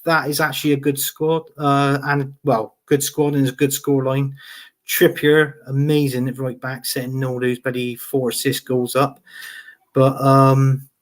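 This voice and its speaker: A man's voice: mid-range voice, little pitch movement, a little slow. A man hosting a football live stream, reading out viewer comments in a chatty way with frequent laughs. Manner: chatty, laughs often, repeats phrases. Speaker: host of football show.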